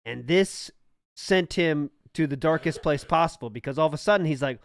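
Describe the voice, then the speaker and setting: A man's voice: on the high side, moderate pace, creaky, no room sound. A man co-hosting a podcast in casual chat, blunt and swearing often, sometimes acting out what other people said. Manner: blunt, swears often, acts out quoted lines. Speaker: podcast co-host.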